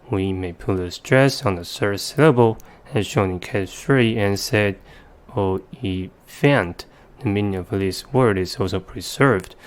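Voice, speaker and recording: Low, smooth-voiced male teacher. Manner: careful, methodical explaining with slow demonstrative word examples. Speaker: English vocabulary teacher. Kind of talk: scripted instructional narration.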